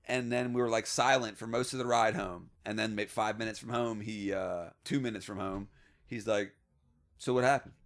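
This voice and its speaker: A man hosting a podcast, telling wild stories from his youth in a casual, swearing, animated way. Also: fairly low pitch, normal speed. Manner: profane, animated anecdote-telling with laughs. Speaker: podcast host. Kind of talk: casual storytelling.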